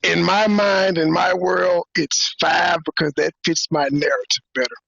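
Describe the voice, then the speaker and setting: A man's voice: high voice, steady tone, unhurried, vocal fry, a bit bright, breathy edge, dry recording. A man from Memphis, hosting a livestream talk show in a blunt, provocative, teasing way. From Memphis, USA. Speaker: show host. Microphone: video call stream. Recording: dull dry lo-fi stream audio.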